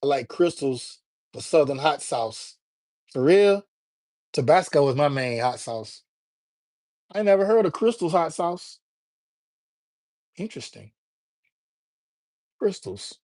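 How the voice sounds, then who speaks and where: Joking live-stream host, higher voice, dry sound. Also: male voice, expressive, slow pace, pauses often, darkish tone, no room sound. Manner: loose, joking, talks straight to the chat with slang. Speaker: livestream host. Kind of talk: casual live-stream chat, reacting to viewers.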